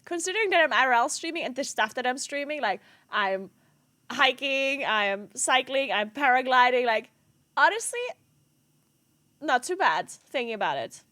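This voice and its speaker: A woman's voice: high voice, animated, normal speed, sharp tone, dry recording. A woman streaming live, chatting casually with her viewers, laughing often and swearing. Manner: laughing helplessly, swearing, talking to chat.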